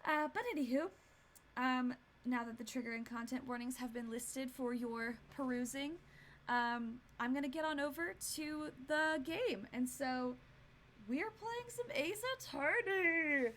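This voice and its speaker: A woman in her twenties streams a video game, rambling casually through her commentary with lots of fillers. Her voice sits high with a fairly bright tone and a measured pace, and there's a little hiss or hum.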